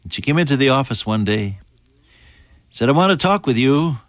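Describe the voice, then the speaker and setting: Older man, preacher, warm sermon delivery that drops to a hush and rises with emphasis; dry close sound, mid pitch. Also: animated, normal speed, no room sound. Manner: dynamic, swinging from hushed tones to lifted emphatic lines.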